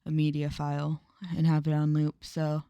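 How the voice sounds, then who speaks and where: A woman streaming a story game, chatting casually with a relaxed, quietly amused manner and casual swearing, into a close mic at home. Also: deep voice, moderate pace, clean tone, no room sound, muffled recording. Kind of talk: casual let's-play chat.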